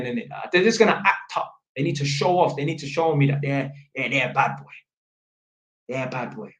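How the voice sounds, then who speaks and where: A young vlogger with a slightly high, somewhat bright voice tells a story to camera in casual slang. Sitting at a small table at home, he acts out phone calls in quoted voices, and the room sounds echoey.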